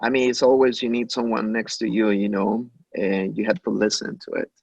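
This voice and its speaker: A man from Mexico, a chef, telling stories in an interview, halting with restarts and acting out the lines of others. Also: on the low side, steady tone, vocal fry, dry recording, rough recording. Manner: anecdotal, acts out quoted dialogue, halting with many restarts. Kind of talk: conversational interview.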